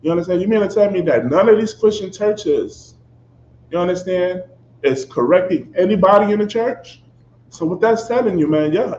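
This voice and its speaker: A man's voice: sits high, darkish tone. A man preaching a fiery, confrontational sermon, swearing and asking "you understand?" after nearly every phrase. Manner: fiery and profane. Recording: echoey, dull lo-fi recording with faint background noise.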